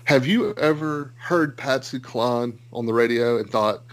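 A man from the US South with a Southern accent, co-hosting a podcast and chatting casually with animated, joking complaints. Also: mid-range voice, unhurried, poor audio. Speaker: podcast co-host. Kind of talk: casual chat.

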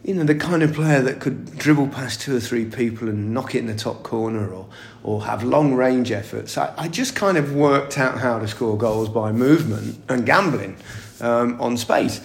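Gravelly man telling anecdotes. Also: medium pitch, moderate pace, few pauses. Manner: chatty anecdotal, frequent laughs and restarts. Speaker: guest, former footballer. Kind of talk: casual interview storytelling. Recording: echoey room.

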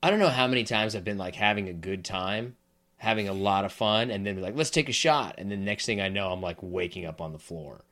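A man co-hosting a podcast in casual chat, telling stories with dry, deadpan jokes. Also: low-pitched, fast. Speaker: podcast co-host.

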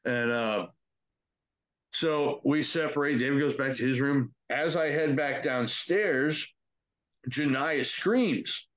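Young man, mid pitch, loose profane storytelling, lo-fi muffled recording. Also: slow, fairly bright tone. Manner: profane, conversational, acts out quotes. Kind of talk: casual spoken ghost story. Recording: dull lo-fi recording.

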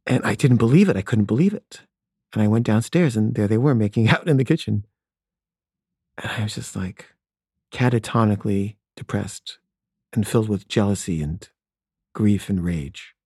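A man's voice: lowish voice, moderate pace, long pauses, mellow, slightly rough, dry recording, clean studio sound. A man telling a candid personal story from his past in a wry, conversational way.

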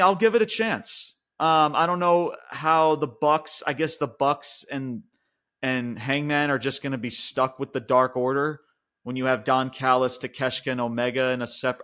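A man co-hosting a wrestling podcast, ranting and swearing in casual chat, going from loud outbursts to quiet mutters. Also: medium pitch. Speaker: podcast co-host.

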